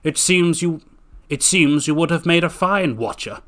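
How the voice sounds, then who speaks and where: A man's voice: on the high side, expressive, normal speed, fairly bright tone, pitched above the performer's own voice. A man voicing a cold, unkind six-legged cat creature who questions sharply in a storybook reading. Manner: cold, clipped, probing.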